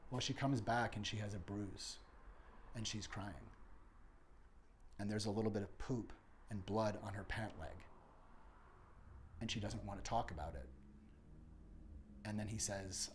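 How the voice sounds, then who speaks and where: Impassioned man with a low voice. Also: fairly even intonation, moderate pace, long pauses, a little hiss or hum. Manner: impassioned, dropping to whispers and rising to shouts. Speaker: monologue speaker. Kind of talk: spoken-word meditation monologue.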